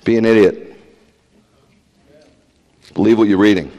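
A man preaching as a rabbi, blunt and animated, peppering the congregation with rhetorical questions and teasing jabs. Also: on the low side, a little slow. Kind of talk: livestreamed sermon. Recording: long hall reverb.

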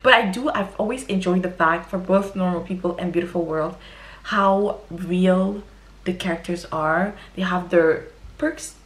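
Young woman, casual book vlog, chatty and expressive, slightly low voice, big reactions. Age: young adult. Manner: chatty and expressive, quick exaggerated exclamations. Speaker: book vlogger. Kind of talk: casual book review monologue.

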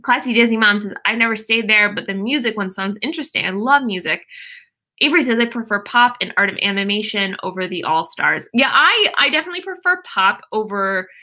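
A woman's voice: medium pitch, lively intonation, fairly quick, pushed and bright. A young woman hosting a casual live stream from home, chatting and reading viewer comments aloud with lots of fillers and laughs.

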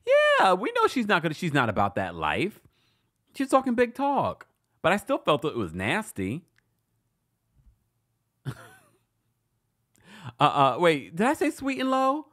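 A man's voice: high voice, huge pitch swings, measured pace, pauses often, a bit bright. A man hosting a casual live-stream recap, reading viewer comments aloud and chatting with frequent laughs and asides. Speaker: recap show host reading live chat.

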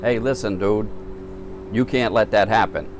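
A man's voice: fairly low pitch, steady tone, normal speed, slight background noise. A middle-aged man, a podcast guest, talking in a blunt, plain-spoken, profane way in casual conversation.

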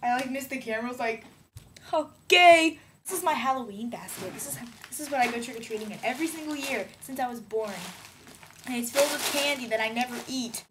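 A woman's voice: fairly high pitch, fast, background noise. A woman rambling playfully in a casual video diary, giggling often. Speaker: vlogger.

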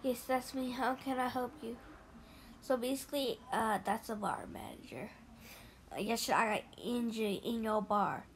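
A woman hosting an ASMR mobile game playthrough, speaking softly and sometimes whispering as she reads the game chat aloud. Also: a little high, normal speed, slight background noise. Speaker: ASMR channel host.

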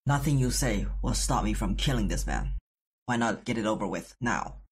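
A man's voice: lowish voice, lively intonation, moderate pace, husky. A man voicing a violent, vengeful warrior who speaks curtly and bluntly. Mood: cold vengeful. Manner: curt, cold, blunt.

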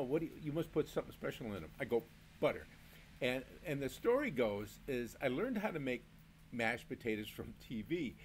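A man's voice: mid-range voice, slight background noise. An older man from Maine hosting a home beer review, rambling through stories with mild swearing and frequent laughs. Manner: rambling storyteller, swears mildly, laughs often. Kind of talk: casual rambling monologue.

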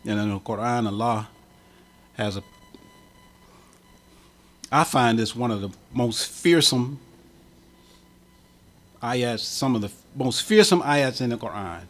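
A man's voice: medium pitch, slow, long pauses, fairly bright tone. A man preaching a sermon as imam, with an impassioned cadence that swells and drops. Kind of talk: Friday sermon.

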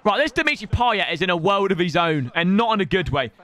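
A young man commentating live on a video game he is playing, excitable, teasing his opponent and breaking into shouts. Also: sits high, fast.

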